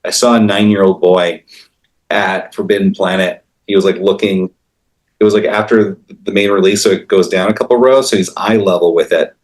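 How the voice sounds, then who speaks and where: A man's voice: low-pitched, steady tone, normal speed. A man who is a comic book artist, chatting casually in an interview and telling rambling stories with many fillers and restarts.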